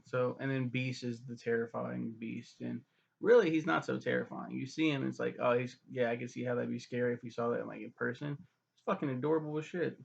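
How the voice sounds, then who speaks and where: A man giving a rambling, profane casual movie recap, slipping into quick voices for the characters. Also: mid-range voice, creaky, dull audio. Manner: loose, profane, mimics characters in quick asides. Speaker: film reviewer.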